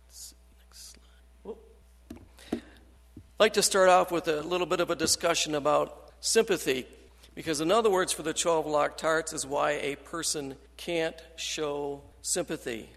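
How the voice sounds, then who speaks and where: Earnest preacher man with gravelly voice, echoing hall. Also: fairly high pitch, fairly bright tone. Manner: earnest, halting, with restarts and scripture quotes. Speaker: Christian counselor and preacher. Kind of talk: sermon-style teaching talk with slides. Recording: long hall reverb.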